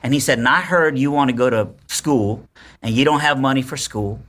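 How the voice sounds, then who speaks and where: A man in his forties tells a personal story in a casual podcast chat, bright and forceful in tone. He brings it to life by acting out what each person said. The pitch sits in the middle for a man. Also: fairly quick. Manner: animated storyteller, acts out quotes. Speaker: podcast guest.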